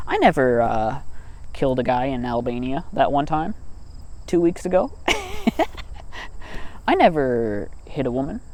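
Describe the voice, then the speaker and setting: A man's voice: medium pitch, very animated, slow, long pauses. A man talking to camera in a rambling, casual monologue outdoors in a field, joking at his own expense and laughing often between thoughts, into a cheap mic with poor wind protection. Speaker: vlogger. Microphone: cheap mic without proper wind protection.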